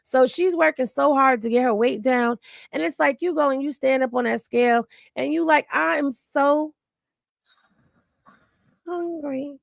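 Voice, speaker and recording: A woman's voice: high voice, a little fast, creaky, no room sound, clean studio sound. A tired woman, chatting with viewers about celebrity gossip on a home livestream. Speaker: livestream host. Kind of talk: casual livestream chat.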